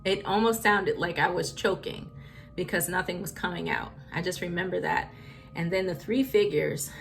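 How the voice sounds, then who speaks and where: A woman's voice: lowish voice, vocal fry. Young woman telling a spooky story. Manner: emotional, filler-heavy retelling. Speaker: vlogger. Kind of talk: personal storytime. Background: faint spooky music.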